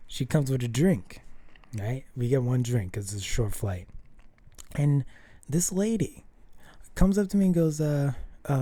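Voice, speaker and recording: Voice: medium pitch, animated, a little slow, pauses often, dark tone, dry recording. A vlogger telling a rambling personal story to the camera, full of fillers and restarts, often acting out what people said. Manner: rambling, filler-heavy, acts out quoted dialogue.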